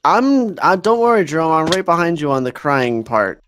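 A man's voice: a little high, big pitch swings, normal speed, fairly bright tone, a little hiss or hum. A young man chatting casually with a friend while they play a game, whiny and playfully dramatic. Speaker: gaming co-player. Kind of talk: casual gaming chat.

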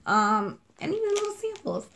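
Her voice is very high and very animated, at a moderate pace with a fairly bright tone. She's a chatty, self-described kooky vlogger with a New York accent, rambling and gushing over scents and colors as she unboxes and sniffs scented wax.

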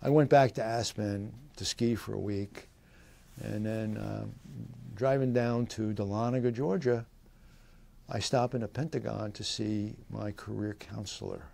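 A veteran in his eighties, fairly low-pitched and mellow, recounts his service for an oral history interview in a steady, unhurried tone with vocal fry. He rambles, dropping fillers and short laughs, and animates his voice for quoted people.

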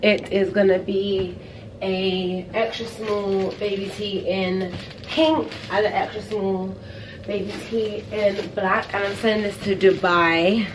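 Young British woman, casual vlog host, upbeat and chatty, mid-pitched, noisy background. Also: steady tone, slow. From England. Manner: chatty, upbeat, addressing viewers directly. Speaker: vlogger.

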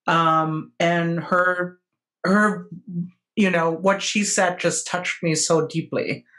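A woman with a non-native English accent, chatting casually on a video call as an artist and co-host, hesitant and full of fillers and pauses. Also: fairly low pitch, fairly even intonation, fairly bright tone.

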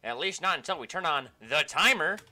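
A man doing a fussy, prim teacher in a video game, pitched up and bright. He scolds in a lifted, sing-song way. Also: expressive, brisk. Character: fussy male teacher keeping order.

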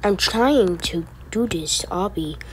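A woman's voice: mid-range voice, animated, slow pace, a little hiss or hum. A woman giving casual gameplay commentary, chatty and easily frustrated, rambling asides to her viewers. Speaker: gaming video creator.

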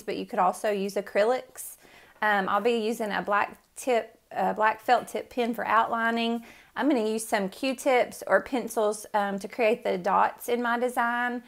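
A woman's voice: on the high side, fairly even intonation, moderate pace. A woman art teacher giving a casual step-by-step tutorial in her studio, talking loosely with lots of "um" and "like". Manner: casual, friendly, many fillers like "um" and "like".

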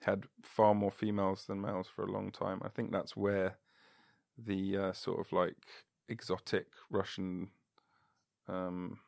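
A man's voice: sits low, completely flat delivery, a little slow, gravelly, a little mellow, no echo, clean studio sound. A man hosting a podcast in casual chat, rambling and joking as he searches for words. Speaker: podcast host.

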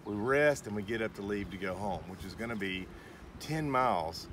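A man's voice: on the low side, animated, moderate pace. A middle-aged man telling a hiking story casually, acting out the dialogue with animation. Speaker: vlogger's father. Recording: distant outdoor mic with clear background noise.

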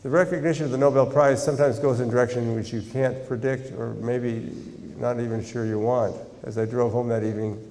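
An older American man giving a university lecture, measured and deliberate, with dry humor when he tells stories. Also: mid-range voice, steady tone, warm tone, a little hiss or hum. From United States. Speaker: guest lecturer, scientist. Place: large university lecture hall. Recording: reverberant lecture hall.

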